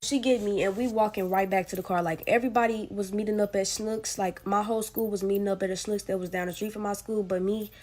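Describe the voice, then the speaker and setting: A woman's voice: medium pitch, fairly even intonation, fast, hardly any pauses, a little mellow. Late-teen woman, casual storyteller, informal delivery with lots of fillers, vivid retelling of her own experience. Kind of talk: casual first-person storytelling.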